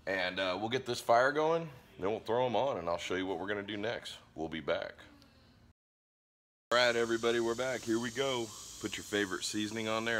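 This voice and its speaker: A man, hoarse from a cold, chatting enthusiastically to viewers in a casual cooking vlog. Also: low voice, fairly bright tone, a little hiss or hum. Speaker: cooking vlogger. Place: backyard grill and home kitchen.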